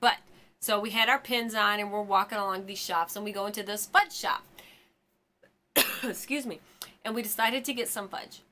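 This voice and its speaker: A woman's voice: mid-range voice, normal speed, long pauses, sharp tone. A woman in her forties hosting a fan channel, chatting casually and rambling about a TV episode with lots of ums and side stories. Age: 40s.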